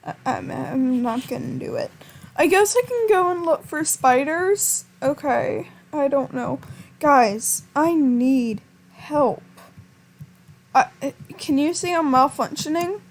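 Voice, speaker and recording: Addressing her viewers, a female gamer with a high, expressive voice comments on her game in a panicked, begging tone. She drags her words out slowly and leaves many gaps between outbursts.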